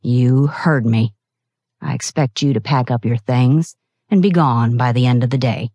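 A curt, contemptuous older boss with a dark, low voice, as a female audiobook narrator puts him on. His words come clipped and cold. It sounds close and dry, with no room around it. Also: measured pace, slightly rough, no echo, exaggerated voice. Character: short-tempered older male boss.

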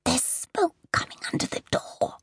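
A woman voicing a terrified female medium in a trance, with a shrill, breathy whisper and pleading words. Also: normal speed, a bit bright, dry recording, studio quality, close to an everyday voice. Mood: panicked. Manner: panicked, pleading.

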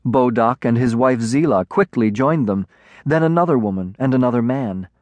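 Man reading a children's storybook, measured and expressive, mid voice, dry booth. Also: mid-range voice, no room sound. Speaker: audiobook narrator. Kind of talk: scripted children's storybook narration.

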